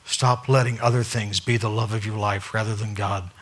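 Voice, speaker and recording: A male pastor preaching a sermon, swinging between loud, acted-out dialogue and hushed asides. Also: fairly low pitch, steady tone, normal speed, husky.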